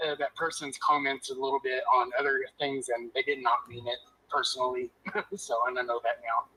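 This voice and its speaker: A man's voice: mid-range voice, flat delivery, fairly quick, bright, forceful tone, slight background noise, rough recording. A man calling in to a live chat, hesitant and apologetic, with many fillers. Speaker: caller. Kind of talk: phone-in apology.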